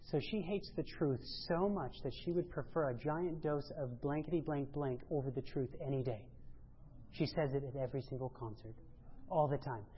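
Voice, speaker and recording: A woman giving a sermon-style church presentation, emphatic, rising to loud exclamations and dropping low. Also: moderate pace, slight background noise. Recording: dull lo-fi sound.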